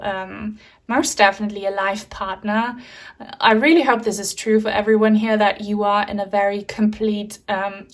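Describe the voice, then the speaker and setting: A young adult woman giving a gentle, emotional pick-a-card tarot reading, with soft laughs and many fillers. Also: medium pitch. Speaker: tarot reader.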